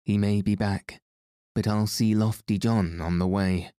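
A stern, practical older aunt from a storybook , voiced by a man. Her voice is low and mellow, with a slow, firm pace. It is recorded close and dry. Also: fairly even intonation, dry recording, natural voice. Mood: brisk. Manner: stern, brisk.

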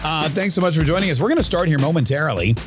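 A man's voice: fairly high pitch, animated, very fast, faint music behind. A man hosting his own podcast, talking casually and rambling a little as he opens with news and opinion. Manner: chatty, rambling, with frequent restarts and asides. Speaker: podcast and radio host. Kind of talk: casual political monologue.

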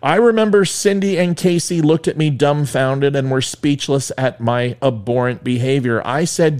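A man's voice: medium pitch, normal speed, few pauses, darkish tone. Middle-aged male podcast host with a mid-range voice and a wry, joking monologue style. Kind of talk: solo monologue with storytelling.

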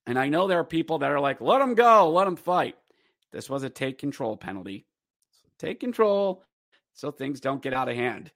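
A man hosting a podcast, rambling casually with fillers through a game recap and slipping into excited play-by-play. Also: medium pitch, normal speed, gravelly, no room sound, clean studio sound. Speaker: podcast host.

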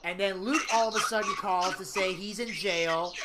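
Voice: medium pitch, steady tone, moderate pace, heavy background noise. A podcast host giving a casual, rambling plot recap of a TV show, with personal asides.

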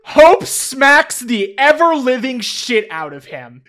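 A man's voice: very high-pitched, sing-song, slow pace, few pauses, fairly bright tone. Guy on a comics podcast, casual and blunt, voice goes up and down a lot. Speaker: podcast co-host. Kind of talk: recapping comics, casual chat.

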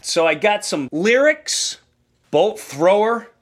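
A man hosting a podcast, telling a story in a casual, animated way and acting out the voices in it. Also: sits high, slow, soft background music. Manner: animated, acts out quoted voices. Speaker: podcast host.

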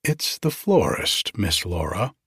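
A man's voice: low voice, big pitch swings, slow, fairly bright tone, breathy edge, dry recording, clean studio sound, heavily acted. A man reading aloud, voicing a young housemaid who speaks in an offhand, careless way.

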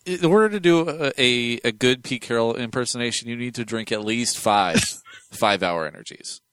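A man co-hosting a podcast in casual chat, animated and rambling with fillers and laughs. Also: medium pitch, normal speed, clear, resonant tone, dry recording. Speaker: podcast co-host.

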